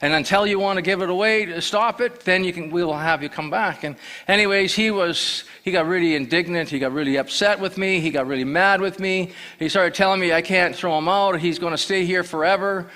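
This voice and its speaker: A man's voice: high-pitched, brisk, hardly any pauses, bright, forceful tone. A man giving a church sermon as guest preacher, telling plain stories with restarts and repeated words. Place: church sanctuary.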